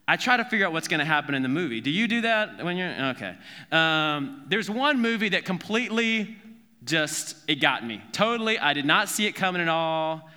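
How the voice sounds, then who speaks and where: A man's voice: a little high, lively intonation, brisk, pushed and bright, clean tone, long reverb tail. A man from South Carolina preaching a conversational sermon, earnest and informal, often restarting his sentences. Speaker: pastor.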